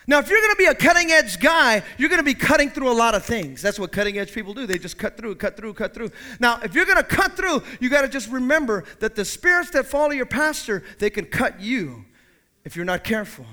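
A man preaching a sermon as pastor in a church, swinging from quiet asides to loud, emphatic peaks. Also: extremely high pitch, lively intonation, a little fast.

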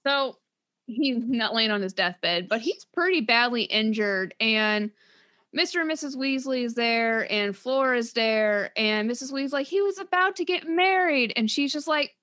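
A woman co-hosting a casual book podcast, her voice high and bright with a cutting edge. She recaps scenes in an animated way and slips into characters' lines as she goes. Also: unhurried. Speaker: podcast co-host.

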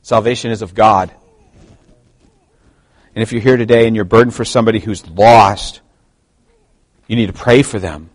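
A middle-aged man preaching a sermon to his church, swinging from quiet asides to loud, emphatic passages. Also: on the low side, normal speed, pauses often, no room sound. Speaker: pastor.

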